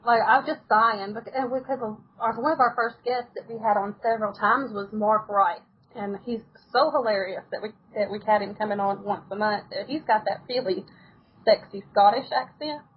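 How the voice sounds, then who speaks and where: A woman's voice: medium pitch, moderate pace, husky, dull audio. A woman from the United States, telling stories as a podcast guest in a casual, chatty way and laughing often. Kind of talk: casual interview chat.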